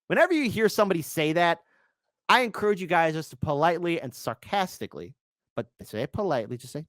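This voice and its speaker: A man's voice: on the high side, expressive, quick pace, no room sound. Sarcastic commentary host guy, voice jumps all over, dry close sound. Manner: sarcastic, swings between loud and quiet. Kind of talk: livestream political commentary.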